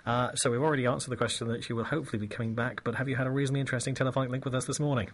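A man presents a radio show into a studio microphone and speaks quickly. He rambles in a wordy way, stacking up fillers and repeated words as he chats. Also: medium pitch, fairly even intonation. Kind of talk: casual radio chat.

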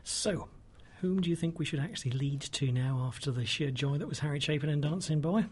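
A man hosts a live radio show in a chatty, joking way, his voice a little high and his sentences full of restarts. A faint noise sits under the recording. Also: brisk. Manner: jokey, rambling, full of restarts.

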